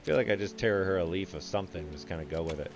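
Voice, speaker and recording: A man's voice: sits low, fast talker. A man reviewing a puzzle game, thinking aloud in let's-play commentary with musing asides and restarts, with game music playing behind.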